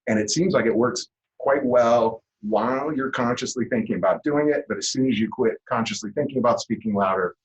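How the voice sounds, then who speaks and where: A man giving a classroom lecture, explaining at a relaxed pace with lots of "uh" fillers. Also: mid-range voice, brisk, muffled recording.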